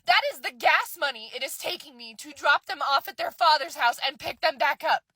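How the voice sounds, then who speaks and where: A woman's voice: high voice, lively intonation, moderate pace, few pauses, pushed and bright, no room sound, poor audio. A mother ranting in a casual vlog, exasperated and swearing.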